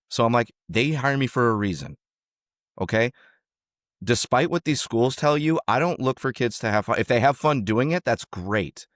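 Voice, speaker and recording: A young man telling a coaching story in casual chat, animated, acting out quotes and swearing freely. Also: mid-range voice, normal speed, no room sound, clean studio sound. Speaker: podcast co-host, former youth wrestling coach.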